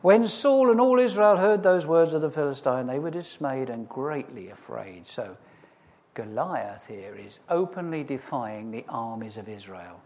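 A man preaching a sermon, reading scripture and retelling it in a lively, humorous storytelling way with asides to the listeners. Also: medium pitch, unhurried.

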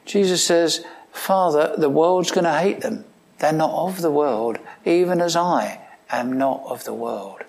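With a gravelly voice and a measured pace, this pastor preaches in a conversational manner, asking questions of his listeners. Dry humor and sudden emphatic lines appear, as he moves between rising emphasis and hushed, low asides.

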